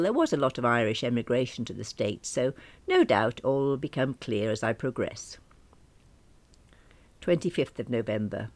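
Prim deadpan woman reading a diary. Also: very deep voice, no echo. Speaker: narrator. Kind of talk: diary-style comic storytelling.

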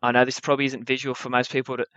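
A young man telling a true adventure story at a live story slam, wry and animated, with comic timing. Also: mid-range voice, rapid-fire, no room sound, lo-fi sound.

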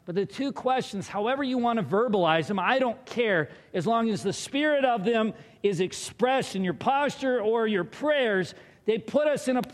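Male pastor, 30s, high voice, chatty animated preaching that acts out quotes, big reverberant hall. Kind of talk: sermon. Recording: long reverb of a large hall.

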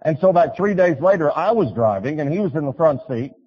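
A man preaching a sermon, telling stories and urging his listeners, swinging from loud appeals to quiet pleas. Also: fairly high pitch, animated, fast talker, breathy edge, in a large hall, lo-fi sound. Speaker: pastor.

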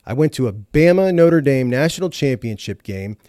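A man's voice: medium pitch, expressive, normal speed, warm tone, no echo, studio quality. Fired-up man ranting. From Ohio. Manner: emphatic, ranting, swears freely. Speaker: podcast host. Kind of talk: fired-up opinion commentary.

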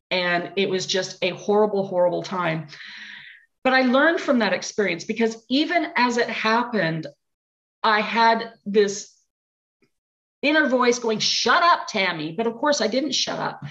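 Gravelly middle-aged woman telling her story. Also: medium pitch. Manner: lively, candid storyteller with self-mocking asides. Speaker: interview guest. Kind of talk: personal storytelling in a podcast interview. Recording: dull lo-fi recording.

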